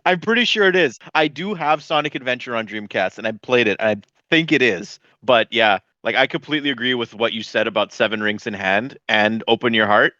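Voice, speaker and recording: A man's voice: mid-range voice, brisk, hardly any pauses, sharp tone, dry recording. Eager male podcast co-host, lo-fi mic. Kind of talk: casual chat. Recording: dull lo-fi mic sound.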